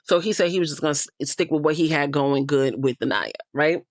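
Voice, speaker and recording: A woman's voice: low voice, brisk, no room sound, studio quality. A woman hosting a casual show recap, blunt and opinionated, cursing freely as she comments. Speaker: reality show recap host.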